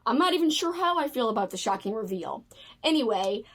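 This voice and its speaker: A woman from the United States chatting casually about books, animated and gushing, with frequent fillers. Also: fairly high pitch, brisk. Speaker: book video creator. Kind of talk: casual chat.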